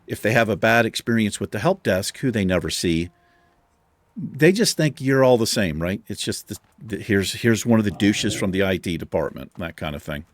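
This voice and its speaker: Over his gameplay, a man who hosts a gaming channel tells a long, profane story in an exasperated, casual way. His voice is lowish and animated at a normal speed, with no echo.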